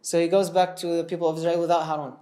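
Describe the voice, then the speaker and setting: A man telling a religious story in a casual, animated way, asking his listeners questions as he goes. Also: on the high side, rapid-fire. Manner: animated, chatty, asks the audience questions.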